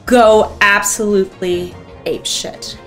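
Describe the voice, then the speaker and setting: A woman's voice: steady tone, unhurried, soft background music. Intense woman narrating a tabletop game. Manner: intense, swears freely, drops low for solemn moments. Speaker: game master.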